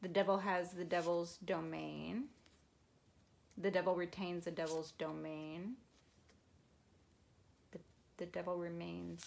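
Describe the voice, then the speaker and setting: Slow, gravelly-voiced woman reading tarot. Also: lowish voice, flat delivery, a little hiss or hum. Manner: slow, musing, laughs often. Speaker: tarot reader. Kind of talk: casual channeled tarot reading.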